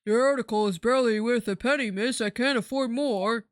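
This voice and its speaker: A woman voicing an old male pawnbroker who haggles in a gruff, unbending manner. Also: a little high, fairly quick, no echo, close to an everyday voice. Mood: curt.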